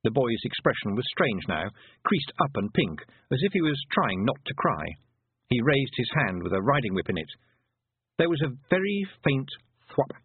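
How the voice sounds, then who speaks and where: A man narrating a fantasy storybook with an expressive, varied delivery. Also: medium pitch, moderate pace, breathy edge, no room sound. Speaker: audiobook narrator. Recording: tinny phone-like dry recording.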